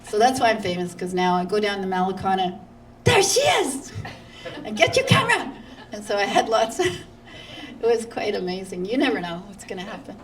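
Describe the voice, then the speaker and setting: A woman guest speaker from Canada telling a lively story at a church, acting out other people's lines and laughing often. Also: medium pitch, fairly quick, far from the mic, a little hiss or hum, low-quality recording.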